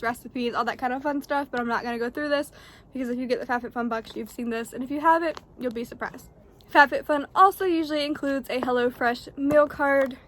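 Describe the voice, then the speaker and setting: Breathless chatty young woman, high voice. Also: fairly bright tone, slight background noise. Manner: fast, chatty and bubbly. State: out of breath from the cold. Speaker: vlogger. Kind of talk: casual unboxing vlog. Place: outdoors in the snow.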